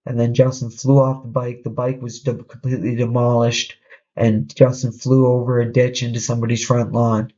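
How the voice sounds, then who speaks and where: A man hosting a podcast, casually telling a story in a halting way, with frequent restarts. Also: medium pitch, level tone, dark tone, muffled recording. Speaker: podcast host.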